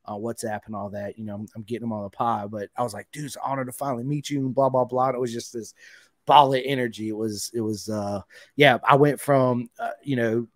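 An excitable, chatty man hosts a casual podcast interview, tossing in "dude" and "man" all the time. His voice sits at an ordinary middle pitch. The recording is close and dry, with no room sound. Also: quick pace, no echo. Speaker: podcast host.

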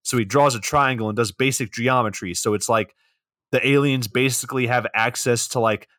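A man's voice: mid-range voice, moderate pace, a bit bright, no room sound, studio quality. A young man co-hosting a podcast, recapping a film in a sarcastic, rambling way with plenty of swearing. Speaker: podcast co-host. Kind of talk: casual comedic movie recap.

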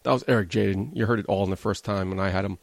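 Gravelly-voiced male podcast host. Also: fairly low pitch, steady tone, very fast, no echo. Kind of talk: casual show narration.

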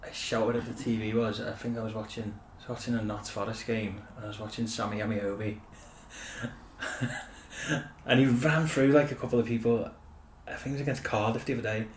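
Playful host in an echoey room. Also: male voice, fairly low pitch, fairly even intonation, a little fast, slight background noise. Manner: playful, asks questions, laughs. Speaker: podcast host. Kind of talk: casual chat. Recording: roomy echo with faint ambience.

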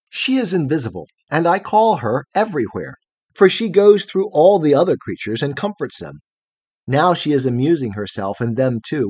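A man reading as a gentle wondering night girl. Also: on the high side, husky, no room sound. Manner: wondering, tender, softly earnest.

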